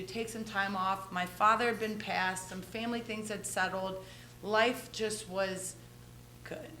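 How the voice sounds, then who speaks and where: Bright-voiced woman telling her story. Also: mid-range voice. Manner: chatty, animated, acts out past dialogue, frequent "right?". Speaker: interviewee, fighter. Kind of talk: candid storytelling interview. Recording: echoey room with faint hum.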